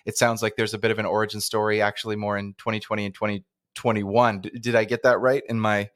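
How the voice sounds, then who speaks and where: A man's voice: fairly low pitch, flat delivery, fast, a bit bright, no echo, clean studio sound. A man from Canada hosting a podcast, asking questions in a rambling, self-interrupting way. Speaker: podcast host. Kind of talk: casual interview chat.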